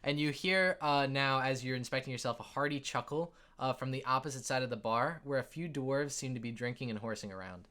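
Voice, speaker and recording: A man's voice: medium pitch, brisk, hardly any pauses, sharp tone. A man narrating as game master of a tabletop game in a casual, filler-heavy way, laughing often.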